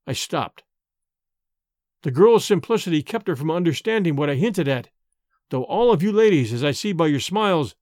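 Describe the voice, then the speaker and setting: A man's voice: sits high, no echo, studio quality. A man giving a dramatic audiobook reading of a gothic story, voicing the characters' lines with feeling. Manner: expressive, voices the characters' lines.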